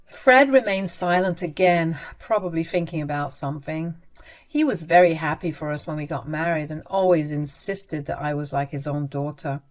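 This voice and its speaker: A woman narrating a first-person story script, earnest and confiding. Her voice sits a little low for a woman, and the reading is scripted and even. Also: moderate pace.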